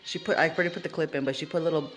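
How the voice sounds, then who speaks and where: A woman's voice: sits low, fairly even intonation, racing, soft background music. A woman vlogger chatting casually at home, rambling with lots of fillers. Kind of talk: casual vlog chat.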